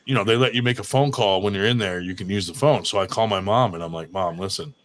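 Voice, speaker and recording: A man's voice: fairly low pitch, fast, slight background noise. A man telling a long jail story in casual chat, swearing often and acting out the other people's voices. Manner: animated, swears a lot, acts out voices in his anecdotes.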